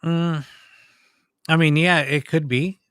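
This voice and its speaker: A man's voice: a little high, slow pace, smooth, no room sound. Laid-back man with a dry close sound. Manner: relaxed, hesitant, many ums. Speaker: podcast co-host. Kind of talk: casual live podcast chat.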